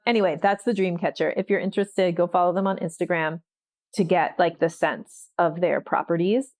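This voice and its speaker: A woman's voice: fairly low pitch, fairly even intonation, normal speed, a little mellow. A woman hosting a solo podcast as a writing coach, talking casually with frequent laughs and filler words. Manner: chatty, laughs often, fillers like "like" and "you know".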